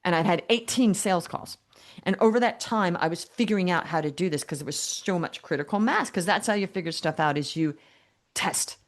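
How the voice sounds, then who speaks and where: An older woman guest telling her business story in an interview, animated and humorous, acting out both sides of past conversations. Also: on the low side, a little fast. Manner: animated, acts out dialogue with quoted voices, humorous.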